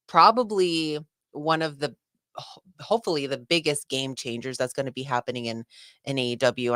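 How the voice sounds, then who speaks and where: A young woman co-hosting a casual wrestling podcast, gushing and excitable, with many fillers and restarts. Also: rumbling low, no room sound. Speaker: podcast co-host.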